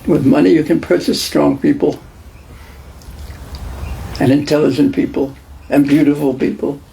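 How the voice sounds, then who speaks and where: Male lecturer, gravelly and mellow, teaching a scripture class, faint hiss behind. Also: fairly high pitch, steady tone, normal speed, low-quality recording. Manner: conversational, repeats and restarts phrases, asks the class questions.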